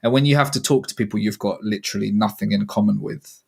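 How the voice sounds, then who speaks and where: A man's voice: lowish voice, fast talker, vocal fry, breathy edge. Easygoing man, podcast guest. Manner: relaxed and easygoing, with hesitant restarts. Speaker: guest comedian. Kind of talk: casual podcast chat.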